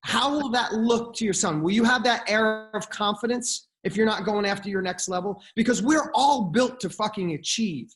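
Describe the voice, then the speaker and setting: A man's voice: high voice, moderate pace, hardly any pauses, fairly bright tone. A middle-aged man talking as a podcast guest, giving blunt motivational advice and swearing freely.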